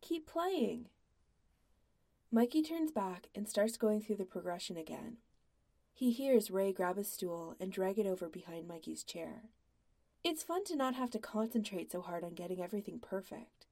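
A woman reading a story aloud in a soft, quiet, intimate way. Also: medium pitch, animated, normal speed. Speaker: podfic reader. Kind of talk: scripted narration of fan fiction.

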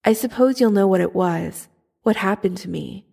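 A woman's voice: mid-range voice, normal speed, vocal fry, warm tone, husky. A woman voicing a young male soldier writing an earnest, yearning love letter, in a fan fiction audiobook reading. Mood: tender.

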